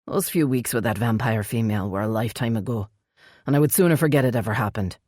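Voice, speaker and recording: Gruff stern elf prince, as a woman reads him. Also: rumbling low, quick pace, a little mellow, dry recording, studio quality, pitched below the performer's own voice. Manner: gruff, curt, growling. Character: brooding male elf crown prince, stern.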